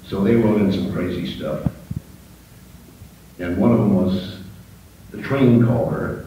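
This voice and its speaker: An older man tells stories from his career in a fairly low voice, with fillers in an easy, anecdotal way. He is recorded from a distance in a very echoing auditorium, with a crowd and hiss behind him. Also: normal speed, pauses often, warm tone. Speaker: guest speaker. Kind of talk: storytelling talk with voice impressions. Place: university auditorium. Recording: distant mic in echoing hall with audience and hiss.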